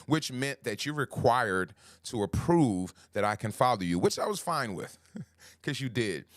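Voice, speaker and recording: A man hosting a livestream as a life coach, greeting viewers by name and talking slowly and emphatically, repeating his key phrases. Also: lowish voice, smooth, no echo, studio quality. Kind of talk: motivational livestream talk.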